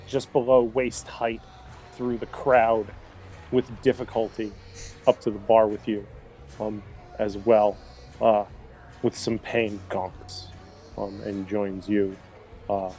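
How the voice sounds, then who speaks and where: A man as game master narrating a tabletop role-playing game, unhurried and full of fillers. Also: lowish voice, darkish tone.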